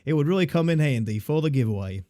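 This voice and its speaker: A man's voice: fairly high pitch, lively intonation, fast talker, mellow, natural voice. A man reading out a listener's note in a put-on Australian accent, playing a cheeky, foul-mouthed male fan. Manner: cheeky, crude, drawling.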